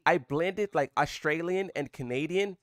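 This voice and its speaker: Male streamer, slightly high voice, dry close sound, loose rambling chat with viewers. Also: unhurried, a bit bright, no room sound. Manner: rambling, talks to chat, jumps in pitch when surprised. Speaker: live streamer. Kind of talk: casual live-stream chat.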